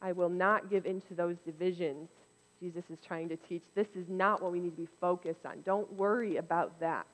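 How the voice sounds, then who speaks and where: A woman giving a casual, conversational sermon, turning lively when she acts out what others said. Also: fairly low pitch, normal speed. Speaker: preacher. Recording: long reverb in a hall.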